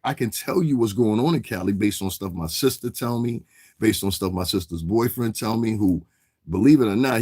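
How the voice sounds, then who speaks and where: Casting: New man, stream host, low voice, rambling streetwise chat, dry close sound. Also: darkish tone, no echo. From New York City area. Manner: rambling, streetwise slang, keeps asking "you understand what I'm saying". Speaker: livestream host. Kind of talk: casual commentary answering live chat.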